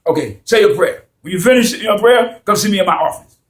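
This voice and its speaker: A man voicing a stern, towering male army drill sergeant who yells his orders. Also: high-pitched, animated, brisk, voice pushed up. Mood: gruff.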